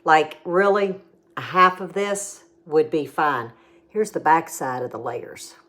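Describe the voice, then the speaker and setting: A woman's voice: low voice, slow, a bit bright. A middle-aged woman, hosting a casual home cooking demo with chatty, homey explanations and tasting.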